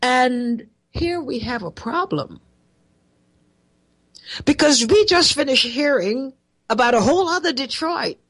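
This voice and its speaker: A woman's voice: high-pitched, sing-song, unhurried, long pauses, fairly bright tone. A woman hosting a talk show, giving sarcastic, mocking political commentary.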